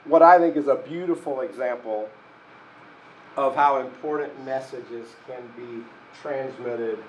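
Slow-speaking man giving a sermon. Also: medium pitch, slight background noise, low-quality recording. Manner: slow, reflective, conversational with frequent restarts. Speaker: pastor and therapist.

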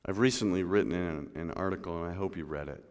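A man preaching a sermon in a church, moving between loud emphatic lines and low hushed ones and speaking to people in the room by name. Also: fast talker. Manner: addresses congregation members by name. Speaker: pastor. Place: church sanctuary. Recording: long hall reverb.

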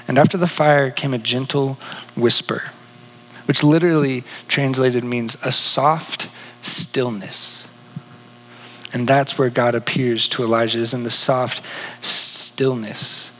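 A man preaching a sermon in an earnest, questioning way, often dropping to a soft hush. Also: medium pitch, fairly even intonation, takes it slowly, long reverb tail, poor audio. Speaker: pastor.

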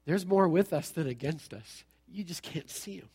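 A man's voice: on the high side, moderate pace, husky. A man preaching a sermon in a church hall, telling a story with humor and acting out the characters. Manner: animated storytelling, acts out characters, jokey. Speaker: pastor.

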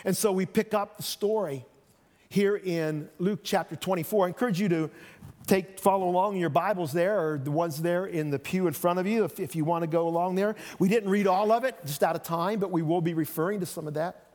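A man preaching a sermon as pastor, conversational and animated, acting out voices as he retells the story. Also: high voice, fairly quick. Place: church sanctuary. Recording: long reverb of a church hall.

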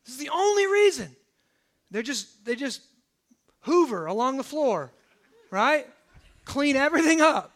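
A man preaching a sermon in a lively, conversational way, acting out the quotes. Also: extremely high pitch, a little slow, pauses often. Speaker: pastor.

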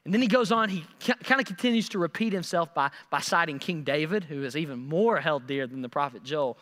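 Bright-voiced preacher man in a hall. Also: on the high side, brisk. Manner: animated, acts out scripture quotes, repeats words. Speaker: pastor. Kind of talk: sermon.

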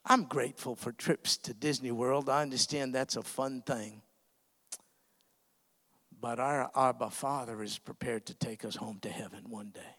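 A man preaching a sermon, telling an emotional story with frequent pauses and hesitations. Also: mid-range voice, fairly even intonation, a bit bright, big-room sound.

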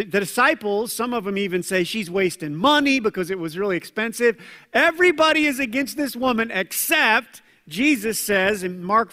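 A man preaching a conversational sermon as pastor, acting out quoted voices with lively asides. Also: high voice. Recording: long hall reverb.

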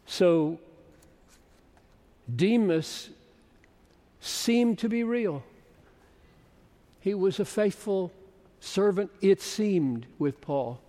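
A man in his seventies preaching a sermon as a pastor, slow and emphatic, rising to loud bursts. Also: fairly high pitch, animated. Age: 70s. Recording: long reverb of a large hall.

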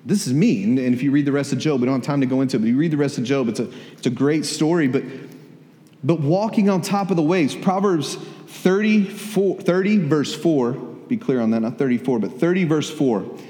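Speaking a little fast with lively intonation, a pastor with a fairly high, mellow voice preaches in a church hall. He keeps it conversational, repeating words and putting questions to the congregation, with echo from the hall.

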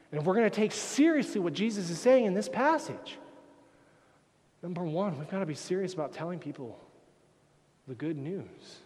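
A man preaching a sermon as pastor, swinging from quiet, measured talk to loud, impassioned passages. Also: high-pitched. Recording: long reverb of a large hall.

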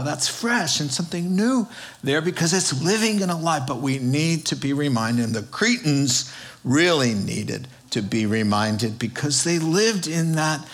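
A man's voice: medium pitch, fairly bright tone. A male pastor preaching a sermon in a conversational way, with emphatic rises on key words and frequent fillers.

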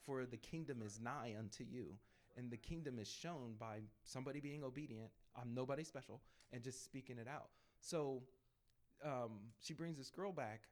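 A man recounting his street evangelism encounters as a spirited testimony. He laughs often between stories and slips into snappy re-enactments of conversations, with a voice of ordinary middle pitch. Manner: lively, laughs between anecdotes; acts out dialogue in quick asides. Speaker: panel speaker on evangelism. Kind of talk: storytelling testimony.

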